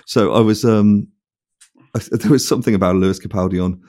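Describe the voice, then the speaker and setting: A man's voice: on the low side, steady tone, fairly quick, dark tone. A man guesting on a podcast, telling self-deprecating stories in a casual chat and laughing often.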